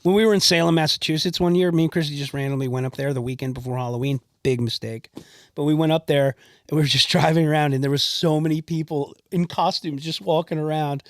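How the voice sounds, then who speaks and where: A man from New Jersey spins stories for a podcast, swearing freely and acting out every person he describes. His voice sits a little high, and the sound is close and dry, with no room around it. He talks in loose, casual chat. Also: fast talker, no echo. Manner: animated storyteller, swears freely, acts out the people in his stories. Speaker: podcast host.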